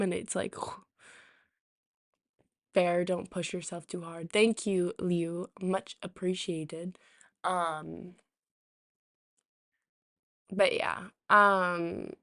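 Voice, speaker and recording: Woman streamer rambling slow w/ a sore rusty throat, low-ish voice, dry close sound. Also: a bit bright, dry recording. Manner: rambling, full of ums and restarts. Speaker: live streamer reading chat. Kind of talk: casual live-stream chat.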